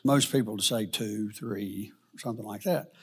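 Man, Bible study teacher, husky voice, halting and rambling delivery. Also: fairly low pitch, fairly bright tone. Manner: rambling, halting, with many fillers and restarts.

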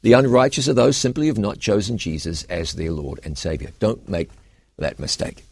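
Pastor guy w a lowish voice, earnest preachy cadence, dry close mic. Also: a little fast, creaky, darkish tone, husky, dry recording. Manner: earnest preaching cadence, reads scripture aloud. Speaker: pastor and co-host. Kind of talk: Bible Q&A discussion.

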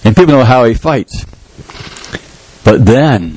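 A male pastor preaching a sermon in church, telling a story with lively, shouted sound effects. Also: mid-range voice, slow, poor audio.

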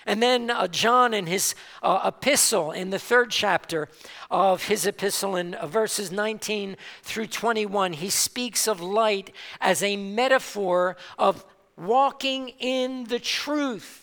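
A man preaching a sermon as pastor, slow and emphatic, with dramatic pauses and repeated stresses. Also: sits high, creaky, pushed and bright. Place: church sanctuary. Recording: long hall reverb.

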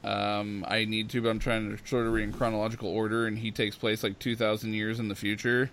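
A man's voice: fairly low pitch, little pitch movement, fairly quick, fairly bright tone, slight background noise. A man hosting a casual chat, talking with enthusiasm and laughing easily. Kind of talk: casual chat about comics.

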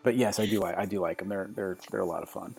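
A man in his forties, a podcast co-host, chatting casually and telling a family story with halting starts and repeated words. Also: sits low, gravelly, a little mellow, soft background music.

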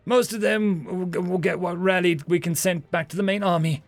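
A man's voice: high voice, fairly even intonation, moderate pace, no room sound, faint music behind, pitched above the performer's own voice. A man voicing a young, nervous, catlike alien sentry who stammers and fumbles his words. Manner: stammering, flustered.

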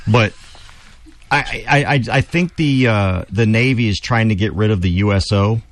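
A man's voice: lowish voice, moderate pace. A man co-hosting an opinionated talk show, joking with stammering restarts.

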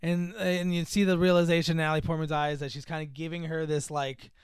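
A young man with a fairly high, smooth and clear voice rambles casually through a film's plot, full of filler words and profanity. He is recorded close on a podcast mic in a dry, dead room. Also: little pitch movement, fast, dry recording. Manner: rambling, lots of "like" and profanity, acts out quotes. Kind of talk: casual chat, recapping a film.

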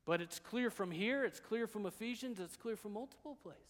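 A man preaching a sermon as pastor, dropping to hushed, quiet passages and then rising to loud, emphatic declarations. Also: sits high, fairly quick, big-room sound.

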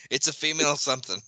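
A man hosting a casual watch-along podcast, relaxed, with laughing asides and trailing remarks. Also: a little high, poor audio. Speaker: podcast host.

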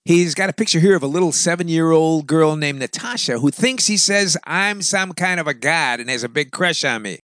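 A man's voice: a little high, normal speed, hardly any pauses, a bit bright, no echo, clean studio sound. A man hosting a radio show, delivering an opinionated, sarcastic monologue full of wisecracks.

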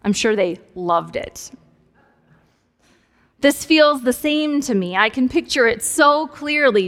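A woman's voice: sits high, lively intonation, slow pace, pauses often, fairly bright tone. A woman pastor preaching a sermon in a conversational, playful way with humorous asides. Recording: long hall reverb.

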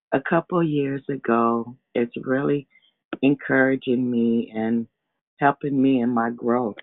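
Woman caller, slow, gravelly, grateful testimony, phone line. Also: a bass voice, no room sound. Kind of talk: testimony on a prayer call.

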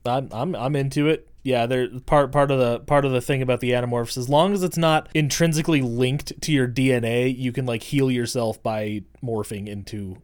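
A man's voice: mid-range voice, steady tone, moderate pace, hardly any pauses. A man casually recapping a film scene by scene, swearing freely and joking. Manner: profane, joking, retelling scenes with quoted voices. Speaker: podcast co-host. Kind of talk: casual movie recap chat.

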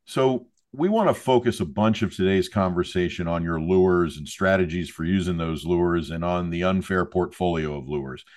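Low-voiced podcast host, wry storyteller. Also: male voice, normal speed, hardly any pauses, a little mellow. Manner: wry storyteller, self-deprecating. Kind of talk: podcast interview.

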